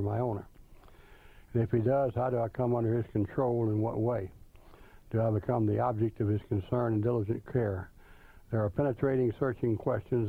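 A man preaching a sermon, reading scripture slowly and deliberately, with small restarts. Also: lowish voice, creaky, dry recording. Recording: tinny phone-like line, dry.

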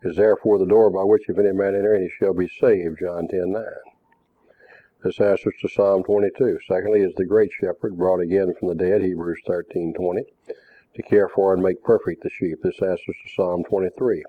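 A man preaching a Bible lesson, measured and reading scripture passages aloud. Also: low voice, fairly even intonation, no echo. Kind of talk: Bible teaching. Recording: tinny phone-like recording.

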